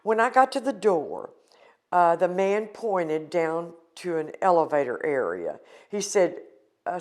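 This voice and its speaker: A woman's voice: fairly low pitch, big pitch swings, measured pace, darkish tone. An older woman from the United States recounting a painful personal experience in an earnest, emotional interview.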